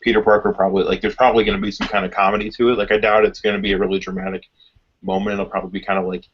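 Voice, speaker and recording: A man in a casual fan discussion, talking quickly and filling his speech with "like". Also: fairly low pitch, little pitch movement, a little hiss or hum. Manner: rapid, lots of "like" fillers. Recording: dull lo-fi audio.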